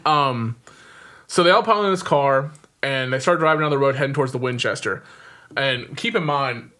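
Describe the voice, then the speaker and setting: A man's voice: medium pitch, normal speed, pushed and bright. A man hosting a podcast, casually retelling a film's plot in a rambling way with frequent ums and chuckles. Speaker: podcast host. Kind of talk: casual film-recap chat.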